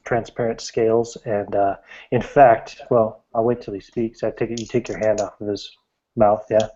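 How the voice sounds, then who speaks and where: Low-voiced man running a tabletop game. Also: flat delivery, moderate pace, warm tone. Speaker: game master. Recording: dull lo-fi recording.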